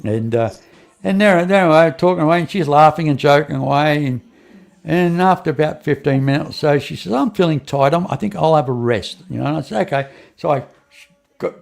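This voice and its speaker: A gravelly, slightly high-pitched older man speaks. He tells a personal story in a rambling way, restarting and repeating himself, and acts out the other people's lines as he goes. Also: fairly quick. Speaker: guest.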